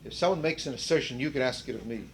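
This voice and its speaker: Older man, seminar leader, lecturing casually, asks the group questions, mid-pitched, light hiss. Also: expressive, very fast. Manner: conversational, restarts and rephrases mid-sentence.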